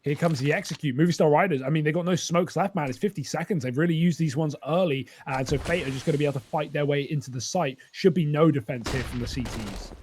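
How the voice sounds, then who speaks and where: A male esports co-caster with a somewhat high voice. He works through stats and tactics in a steady, analytical way. His talk is sprinkled with fillers like "uh" and "like". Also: fast talker, few pauses, slight background noise. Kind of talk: analytical color commentary.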